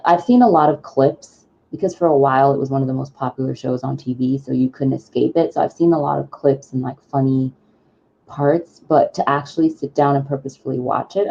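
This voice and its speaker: A woman co-hosting a casual chat, telling animated stories about childhood shows. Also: very deep voice, vocal fry, a little hiss or hum. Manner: animated storyteller, mimics her mother. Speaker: co-host. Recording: dull lo-fi sound.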